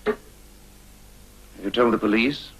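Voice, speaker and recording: An actor playing a cool, needling private eye in a 1950s crime film, dry and sardonic. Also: male voice, lowish voice, takes it slowly, fairly bright tone, poor audio.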